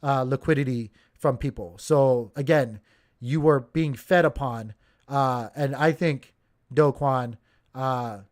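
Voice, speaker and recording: A man's voice: mid-range voice, slow, darkish tone. A man hosting a crypto channel, giving casual market commentary with lots of fillers and talking straight to viewers as you guys.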